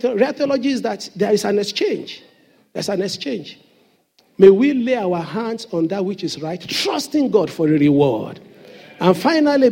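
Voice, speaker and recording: A man's voice: high-pitched, mellow. A man preaching a sermon as pastor in a church, with emphatic call-and-response questions to the congregation.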